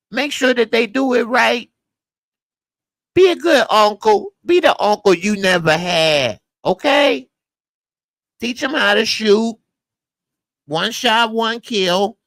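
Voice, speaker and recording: A man putting on a high falsetto woman's voice, bossily lecturing a gangster in a mocking tone. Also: fairly bright tone, no echo, full character voice.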